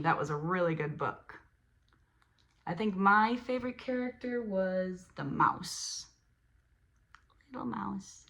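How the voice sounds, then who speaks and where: A woman reading a children's picture book aloud as host, animated, with playful sound effects and asides to her listeners. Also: lowish voice. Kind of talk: storybook read-aloud for children.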